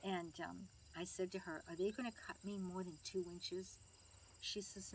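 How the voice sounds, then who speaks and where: A woman's voice: on the low side, steady tone, unhurried, slight background noise. Older grandmother telling family stories. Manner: chatty, laughing, acts out quoted voices. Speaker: grandmother being interviewed. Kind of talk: family storytelling interview.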